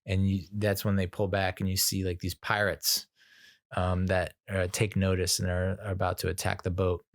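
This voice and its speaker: A man's voice: low voice, monotone, normal speed, no echo, clean studio sound. A man giving a casual spoken movie review, rambling with lots of fillers, restarts and frequent laughter.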